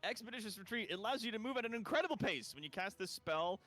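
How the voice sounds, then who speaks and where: Lively man narrating as game master. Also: high voice, fast talker, faint music behind. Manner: loose, chatty narration with many fillers.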